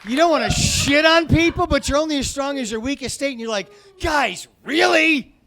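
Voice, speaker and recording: A male stand-up comedian with a fairly high voice, swearing freely as he rambles through his set in a loose, conversational way. He is performing on a comedy club stage. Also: fast, a bit bright, a little hiss or hum.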